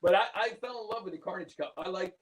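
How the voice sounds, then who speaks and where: Male host, high-pitched voice, eager and agreeable, casual chat. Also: fast, low-quality recording. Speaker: interview host.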